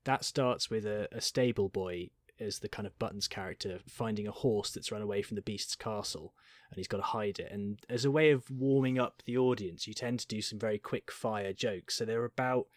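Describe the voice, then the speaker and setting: A man's voice: fairly low pitch, fairly quick, few pauses, no echo. A man chatting casually in an interview, telling pantomime anecdotes with laughter. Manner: animated anecdotal storyteller, laughs often. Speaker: pantomime performer.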